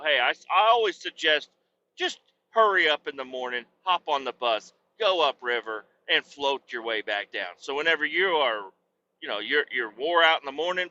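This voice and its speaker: A man's voice: mid-range voice, lively intonation, normal speed, bright, forceful tone, highs cut off, a little hiss or hum. A man hosting a podcast and telling a rowdy, profane, rambling comic story. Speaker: podcast host.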